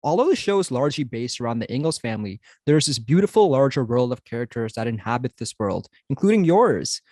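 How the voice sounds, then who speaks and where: A man's voice: mid-range voice, sing-song, brisk, a little mellow, dry recording, studio quality. A man hosting a podcast interview, reading earnest prepared introductions and questions. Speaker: podcast host.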